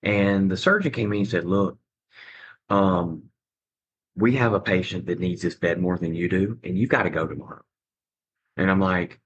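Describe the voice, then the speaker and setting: A man's voice: low voice, normal speed, long pauses, highs cut off, slight background noise. A middle-aged man as a podcast guest, telling a personal story conversationally and acting out what others said. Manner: animated, acts out other people's lines.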